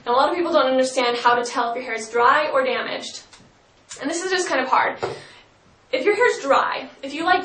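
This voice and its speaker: A woman's voice: high voice, a bit bright. A young woman vlogger giving casual hair-care tips, chatty and full of "um" and "like". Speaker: beauty vlogger. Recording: roomy sound from a distant mic.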